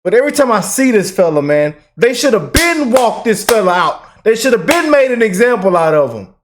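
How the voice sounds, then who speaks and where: A man hosting a reaction channel, giving heated political commentary in an animated, exaggerated way, swinging between loud outrage and low mock-pleading mutters. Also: brisk, few pauses.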